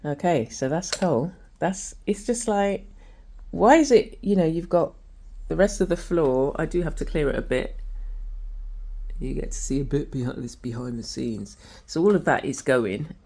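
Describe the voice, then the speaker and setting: This arts and wellness vlog host talks casually and chattily, heavy on fillers and drifting thoughts, while walking handheld from her home studio to the garden. She has a low-pitched, warm voice with a breathy edge, animated and at a moderate pace.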